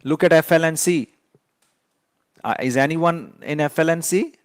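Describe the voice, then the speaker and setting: A man's voice: on the high side, moderate pace, no room sound, clean studio sound. A man giving a trading lesson in an emphatic, lecturing way, often repeating key points for stress. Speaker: trading educator.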